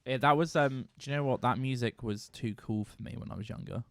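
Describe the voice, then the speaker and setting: A man's voice: mid-range voice, a little fast, no echo, studio quality. A British man co-hosting a podcast, chatting casually with playful, teasing banter. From Britain. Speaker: podcast co-host. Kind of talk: casual chat.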